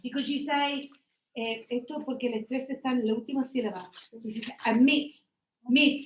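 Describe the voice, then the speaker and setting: A woman's voice: on the high side, fairly even intonation, fast talker. A woman teaching an English class, explaining patiently and acting out examples. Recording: echoey classroom.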